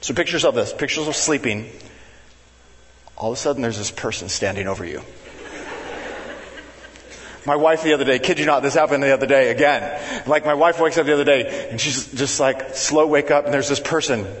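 A man preaching to his church, chatty and animated, breaking into playful voices when he acts out his children. His voice sits a touch high for a man. The sound rings with the long reverb of a large sanctuary. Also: fast, hardly any pauses. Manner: animated, conversational, acts out family members with big pitch jumps. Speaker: pastor. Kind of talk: sermon with family stories.

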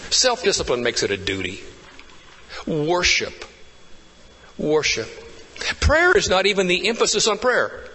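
A pastor preaching a sermon with fervent rises and hushed, intimate drops. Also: male voice, sits high, huge pitch swings, brisk, hardly any pauses, big-room sound, rough recording.

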